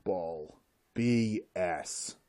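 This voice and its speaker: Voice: low voice, drawn-out words, warm tone. A speaker delivering a solo rant in an exasperated, sarcastic way.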